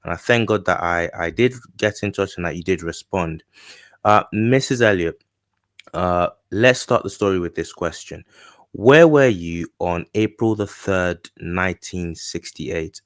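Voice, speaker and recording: A man's voice: deep voice, measured pace, fairly bright tone, no echo, studio quality. A man interviewing a guest, asking his questions in a polite, formal and slightly hesitant way.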